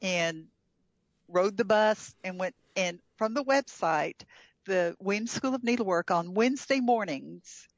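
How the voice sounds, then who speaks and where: A woman's voice: medium pitch, unhurried, dry recording, muffled recording. A woman guest telling a travel story in casual chat, chatty with frequent fillers and laughs. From United States.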